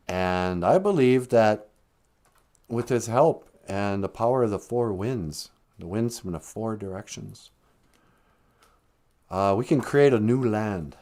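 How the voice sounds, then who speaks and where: A man telling a traditional story in a relaxed, conversational way, with dramatic drops in volume. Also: lowish voice, takes it slowly. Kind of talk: live-streamed oral storytelling.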